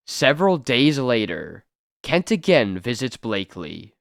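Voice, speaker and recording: A man narrates a vintage comic book with a dramatic storytelling delivery. He speaks slowly, with a lively rise and fall in pitch, and his voice is close and dry with no room echo. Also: clear, resonant tone. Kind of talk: scripted narration.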